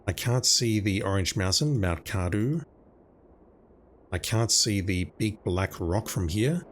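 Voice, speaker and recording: A man's voice: lowish voice, expressive, slow pace, slight background noise. A man giving casual commentary while playing a video game, thinking aloud as he goes. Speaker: let's play commentator.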